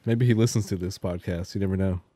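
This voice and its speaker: A man's voice: low-pitched, steady tone, quick pace, mellow, dry recording. A man hosting a podcast, trading dry jokes in casual chat and reading the show's sign-off. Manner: dry joking quips. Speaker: podcast host. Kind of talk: casual chat and show outro.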